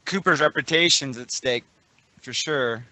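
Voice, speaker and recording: A man playing a tabletop role-playing game, talking through the risks in a measured way. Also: mid-range voice, sharp tone. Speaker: player. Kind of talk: casual tabletop play.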